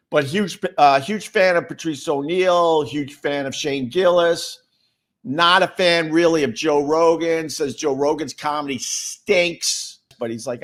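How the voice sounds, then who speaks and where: A man's voice: medium pitch, a bit bright. A middle-aged man hosting a livestream, chatting casually and answering viewer comments in a rambling, sarcastic way with many repeated words. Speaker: livestream host.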